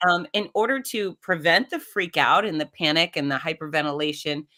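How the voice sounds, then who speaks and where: A woman's voice: low-pitched, brisk. A middle-aged woman, a podcast guest, telling a personal story in conversation and acting out the voices she quotes. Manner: animated, acts out quoted voices.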